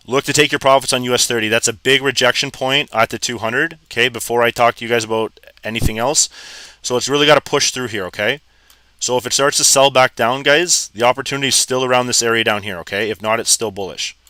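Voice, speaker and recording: A Canadian man hosting a live trading stream, chatting casually and excitedly greeting viewers by name. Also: medium pitch, no echo.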